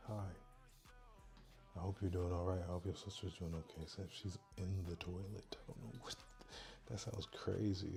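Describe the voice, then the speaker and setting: A man hosting a casual livestream, talking softly and quietly into a microphone worn on his neck. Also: deep voice. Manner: soft, quiet, chill talk, reading chat aloud. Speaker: livestream host.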